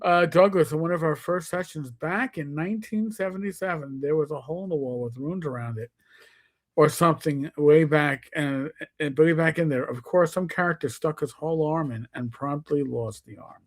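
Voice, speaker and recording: A man's voice: a little high, normal speed. A man in his fifties with a New York accent, co-hosting a casual live-stream chat and acting out players' lines as he tells stories. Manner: storytelling, acts out quoted players with shifting voice. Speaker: co-host.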